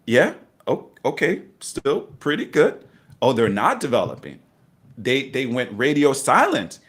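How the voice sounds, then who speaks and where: A man's voice: medium pitch, big pitch swings, a little slow, a bit bright. A middle-aged man telling his investing story in a casual interview, acting out voices with laughter. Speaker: guest investor.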